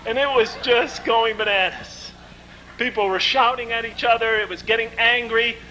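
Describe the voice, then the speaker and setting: A man giving a lecture, telling stories in a vivid, animated way. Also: extremely high pitch, moderate pace, a little hiss or hum, low-quality recording. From United States. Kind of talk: storytelling lecture.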